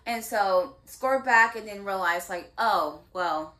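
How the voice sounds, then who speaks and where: A woman talks through a show recap in a relaxed, conversational way. Her voice is bright and tense at the edges, and her pitch sits in the middle. She slips into the characters' lines as she retells the scenes. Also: unhurried. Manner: animated retelling with acted-out quotes. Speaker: drama recap co-host. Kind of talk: casual chat.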